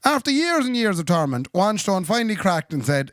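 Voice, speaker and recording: A man's voice: high voice, sing-song, fairly quick, a bit bright, no room sound, studio quality. Wry man telling a joke. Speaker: podcast co-host. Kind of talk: casual podcast chat, telling a joke.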